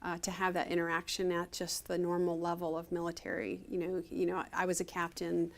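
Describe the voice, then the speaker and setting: A middle-aged woman from Ohio with a low-pitched voice talks through her service memories. She rambles in a friendly storytelling way, with many restarts and "you know"s. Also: completely flat delivery, a little fast. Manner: chatty storytelling, frequent fillers and restarts. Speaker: retired Air Force officer, interviewee. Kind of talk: conversational oral history interview.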